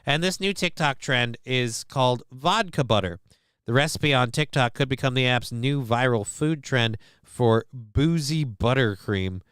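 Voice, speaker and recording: Sarcastic, profane streamer with a smooth voice. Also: male voice, mid-range voice, a little slow, fairly bright tone, dry recording, clean studio sound. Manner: sarcastic, profane, joking asides. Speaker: livestream host. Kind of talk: casual commentary reading news to chat.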